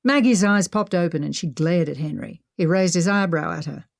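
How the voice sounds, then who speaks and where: A woman reads an adventure audiobook in a steady, measured way. Her voice sits lower than most women's and keeps an even, unhurried narrating tone throughout. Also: vocal fry, no echo, clean studio sound.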